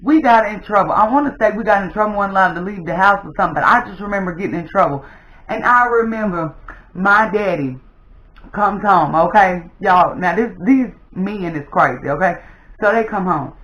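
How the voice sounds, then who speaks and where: A young adult woman, a mother, casually telling a personal story to her viewers in an animated way. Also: mid-range voice, fairly quick, echoey room, poor audio. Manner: animated, addresses viewers as "y'all". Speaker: storytime vlogger.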